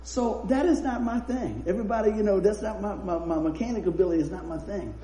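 A man's voice: high-pitched, quick pace, dark tone, a little hiss or hum. A man preaching a sermon, chatty and laughing as he tells anecdotes. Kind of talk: sermon with humorous storytelling. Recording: roomy echo.

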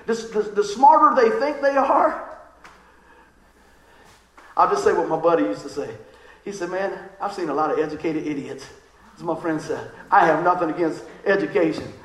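Lively high-voiced preacher in an echoey church. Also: male voice. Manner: lively, conversational preaching with acted-out quotes. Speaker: pastor. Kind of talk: sermon. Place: church sanctuary.

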